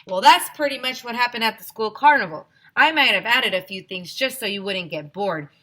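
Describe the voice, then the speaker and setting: A woman's voice: mid-range voice, bright, forceful tone. A woman teacher reading a children's chapter book aloud to young listeners, telling it expressively with many voices.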